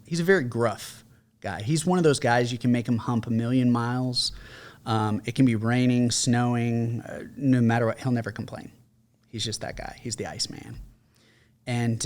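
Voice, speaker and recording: An American man in his forties, a veteran guest telling stories in a casual interview, animated, acting out quotes with many fillers. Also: mid-range voice. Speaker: podcast guest, combat veteran.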